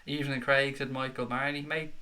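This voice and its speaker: Young male stream host, bright voice, excitable casual chat reading viewer comments. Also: mid-range voice, fairly quick. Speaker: football fan channel host. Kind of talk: live-stream chat reaction.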